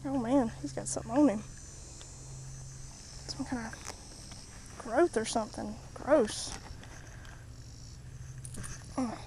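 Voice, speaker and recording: A woman's voice: a little high, slow, pauses often, warm tone, a little hiss or hum, rough recording. A woman vlogging outdoors by the water, casually narrating each catch and chatting to the fish as she unhooks them. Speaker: fishing vlogger. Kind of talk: casual play-by-play while fishing.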